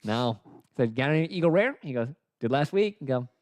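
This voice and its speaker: A tired man co-hosting a casual chat, talking fast in quick offhand jokes. His mid-pitched voice is close and dry. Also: animated, no room sound. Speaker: podcast co-host.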